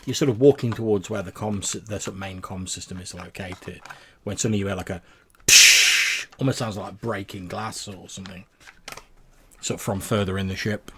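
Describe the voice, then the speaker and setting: A man's voice: sits low, steady tone, brisk, darkish tone, slight background noise. A man narrating a tabletop game as game master, rambling with lots of fillers and restarts.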